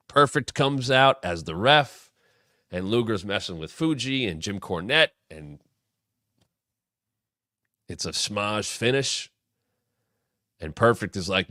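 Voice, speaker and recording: This wrestling show host, a man in his thirties, recounts a storyline's past in casual retrospective commentary. His fairly low, sharp-toned voice moves slowly with frequent pauses, yet stays animated and enthusiastic, erupting in sudden bursts; the studio recording is clean with no room sound.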